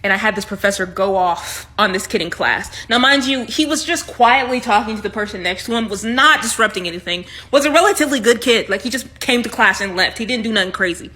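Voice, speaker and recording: A woman telling comic storytime anecdotes, jumping between loud punchlines and quiet asides. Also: medium pitch, animated, fast, hardly any pauses. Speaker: comedy video creator. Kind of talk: storytime monologue.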